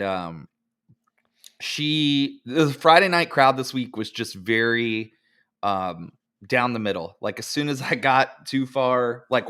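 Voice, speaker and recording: A man's voice: medium pitch, fairly bright tone, smooth. A man co-hosting a podcast, a DJ chatting casually and laid-back, full of "like" and the odd curse as he retells club nights. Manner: laid-back, lots of "like", swears, quotes people in storytelling. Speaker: podcast co-host, DJ. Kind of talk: casual chat.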